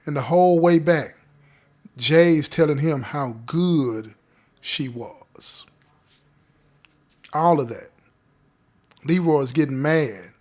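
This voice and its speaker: A man's voice: a little high, takes it slowly, long pauses. Slangy man telling a story. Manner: conversational, checks in with listeners; street slang. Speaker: podcast host telling a story. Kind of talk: casual spoken storytelling.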